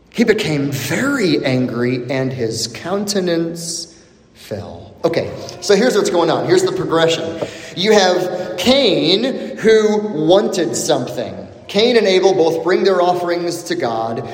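A man's voice: a little high, reverberant, long reverb tail. A man, a pastor, preaching a biblical teaching sermon, building emphasis as he goes. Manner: expressive preaching with rising emphasis and many restarts.

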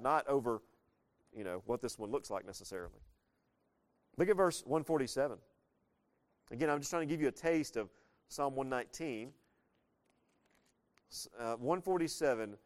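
A man preaching a sermon as pastor, talking plainly with his congregation and asking them questions as he goes. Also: medium pitch. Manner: conversational, asks the congregation questions; lively preaching with frequent shifts in loudness.

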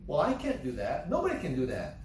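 A man's voice: on the high side, huge pitch swings, fairly quick, a little mellow, recorded from a distance. A man preaching a sermon, emphatic and repetitive, firing rhetorical questions and reading scripture aloud. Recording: echoey room, voice from off-mic.

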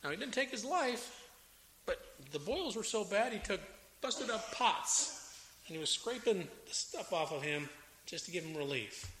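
A man preaching a sermon with a Southern American accent, animated and dramatic, raising his voice as he acts out the complaints of biblical figures. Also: high-pitched, normal speed. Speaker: pastor. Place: church sanctuary. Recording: echoey hall with faint room noise.

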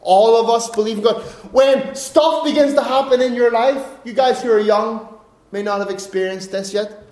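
A man's voice: extremely high pitch, normal speed, a little mellow, echoey room. A man preaching a sermon in an earnest way, often repeating and restarting his words.

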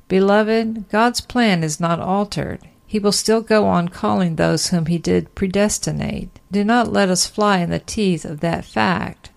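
A woman's voice: fairly low pitch, vocal fry, darkish tone. A woman reading an old-fashioned sermon aloud, earnest and emphatic, full of rhetorical questions. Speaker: sermon reader.

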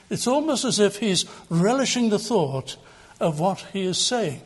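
Older guy preaching, earnest and emphatic, lots of repeating lines, kinda high voice. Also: very animated, unhurried, breathy edge. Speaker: pastor. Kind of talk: sermon.

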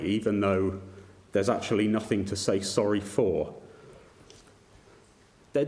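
A man's voice: mid-range voice, a little mellow. A man preaching a sermon, earnest, with frequent restarts and repeated words. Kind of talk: sermon on a psalm.

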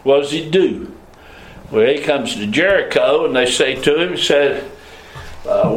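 A man's voice: measured pace, pauses often, noisy background. Fields: man preaching in an echoey hall. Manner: preaching with sharp swings between loud high calls and low murmurs. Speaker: pastor. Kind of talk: sermon. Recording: echoey room, voice from a distance.

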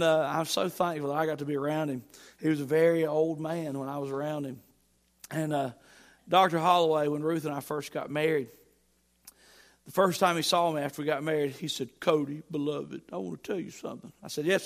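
A middle-aged man preaching a sermon, emphatic and rising to loud peaks, mixing humorous stories into his teaching. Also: a little high, fairly even intonation, a little fast. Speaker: pastor.

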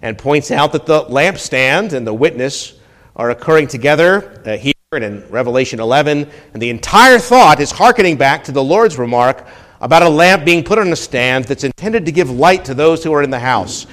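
A male pastor giving a teaching sermon, climbing much higher and louder when he reads quotations and dropping low and quiet on his asides. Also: expressive, normal speed. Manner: teaching tone, rises sharply when quoting, drops low on asides. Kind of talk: expository sermon.

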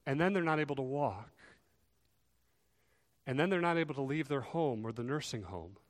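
A man preaching a sermon, earnest, swelling louder and dropping soft to stress his points. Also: mid-range voice, animated, moderate pace. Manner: earnest, rises and falls in volume for emphasis. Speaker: pastor. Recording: long reverb of a large hall.

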